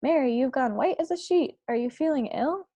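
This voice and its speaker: A woman's voice: high voice, moderate pace, warm tone, dry recording, voice pushed up, natural voice. A woman reading aloud, voicing a refined queen who exclaims in alarm. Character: distressed queen, dignified and commanding.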